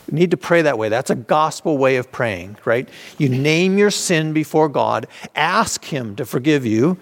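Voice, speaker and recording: A man's voice: on the high side, lively intonation, normal speed. A man leading an informal Bible study, talking conversationally with restarts and acting out the voices people use to excuse themselves. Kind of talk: informal teaching.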